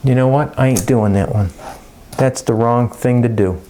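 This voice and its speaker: A middle-aged man talks through a chemistry lesson in a casual, folksy way. He rambles and drops jokey asides, and his voice sits at an ordinary middle pitch. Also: normal speed, background noise. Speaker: chemistry teacher. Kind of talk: casual lecture.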